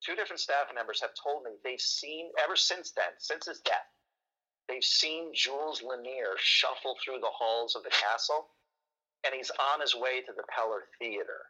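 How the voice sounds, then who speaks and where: Husky bright-voiced man telling a story. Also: mid-range voice, moderate pace, low-quality recording. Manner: animated, joking storyteller. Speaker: guest storyteller, magician. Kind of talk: casual chat, storytelling.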